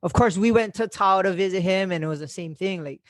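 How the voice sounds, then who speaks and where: A young man hosts a podcast in casual chat. He tells stories in a loose, animated way, swearing and laughing as he acts out quotes. The recording is close and dry. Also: high voice, fairly quick, dry recording. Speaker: podcast host.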